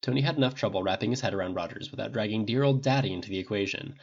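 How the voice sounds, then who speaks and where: A man giving steady scripted audiobook narration on a dull lo-fi recording. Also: lowish voice, rapid-fire, husky.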